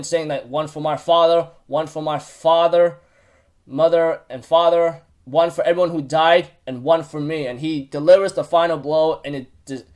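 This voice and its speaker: A man giving a casual, rambling episode recap as host of his channel, full of fillers and restarts with bursts of enthusiasm. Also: on the high side.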